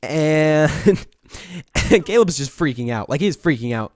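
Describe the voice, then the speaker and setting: A young man in a storytime vlog, retelling a prank in a rambling, animated way with many restarts. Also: on the high side, a little slow, dry recording, soft background music. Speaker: vlogger.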